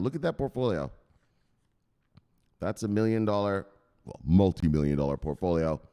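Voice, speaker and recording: A man's voice: low-pitched, a little mellow. A man hosting a crypto news channel in profane, joking, rambling casual commentary.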